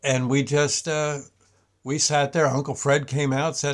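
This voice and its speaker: A man's voice: medium pitch, level tone. Older man reminiscing in a meandering way. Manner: meandering, halting storyteller. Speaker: show host. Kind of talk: casual reminiscence.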